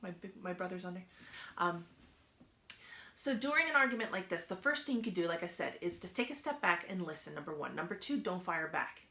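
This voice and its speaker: Woman, advice host, casual live talk, earnest, soft near-whispers for emphasis, gravelly, echoey room. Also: lowish voice, animated, brisk. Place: indoors by a window.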